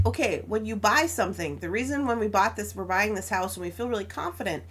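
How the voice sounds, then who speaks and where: A young adult woman hosting a crafting stream chats casually and tells a story, laughing often and acting out both sides of an argument. Her voice sits in the mid range.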